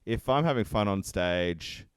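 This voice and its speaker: A man who performs improv comedy, chatting casually on a podcast, animated and swearing freely. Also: on the low side, a little slow, clean tone, dry recording. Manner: animated, swears freely, acts out quoted voices.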